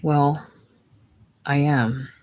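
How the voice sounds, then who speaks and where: A reader voicing a weary, cynical man worn down by grief and drink, in a listless monotone, in a casual play reading. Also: medium pitch, extremely slow.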